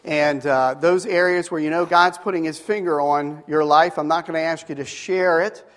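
A fairly high, slightly bright voice with fairly even intonation carries through a big room as a middle-aged pastor preaches at normal speed to a live Bible school audience. He tells his story loosely, rambling with many restarts.

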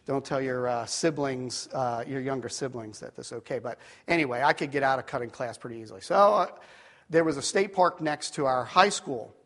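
A middle-aged preacher rambles through a personal story full of asides and restarts, dropping his voice low for serious moments. He speaks briskly in a mid-range voice.

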